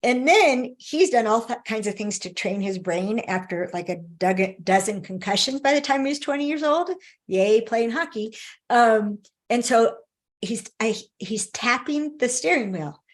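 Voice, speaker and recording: Expressive woman teacher, high voice. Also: measured pace. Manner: expressive, laughs often, restarts sentences. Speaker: relationship teacher. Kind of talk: storytelling talk to a class.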